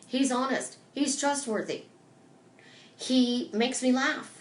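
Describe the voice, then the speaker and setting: High-voiced woman coaching live, echoey room. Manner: emphatic and animated, acting out little dialogues. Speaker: life coach. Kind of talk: motivational live stream talk.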